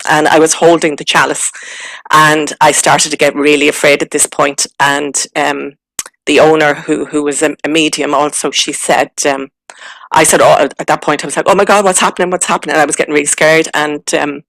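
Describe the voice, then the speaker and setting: A middle-aged Irish woman giving a personal testimony, halting and emotional, with many fillers and restarts. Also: deep voice, little pitch movement, vocal fry, a bit bright, low-quality recording. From Ireland. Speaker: guest recounting a spiritual experience.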